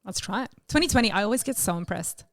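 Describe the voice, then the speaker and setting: Fast-talking rambling woman podcast co-host. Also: medium pitch, animated, no echo. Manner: rambling, self-mocking, trails off hoping to be cut in on. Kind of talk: casual chat.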